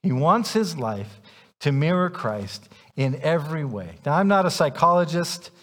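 Man, pastor, sermon, emphatic, bright higher voice, long church-hall reverb. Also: very animated, normal speed. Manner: emphatic, challenging the congregation directly.

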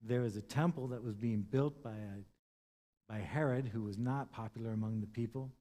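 A man preaching a sermon as pastor, moving from loud, stressed points to quiet, hushed lines and acting out the words of scripture figures. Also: mid-range voice, normal speed. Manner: impassioned, swings between loud emphasis and hushed tones.

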